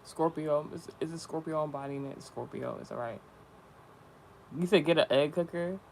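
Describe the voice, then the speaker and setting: A young man talks straight to his viewers in a loose, rambling vlog manner. He peppers his slangy talk with swearing and runs on from one thought to the next. His voice sits a bit high, with a faint hiss behind it. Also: moderate pace, creaky, darkish tone. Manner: profane, slangy, chatty and rambling. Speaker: spiritual content creator.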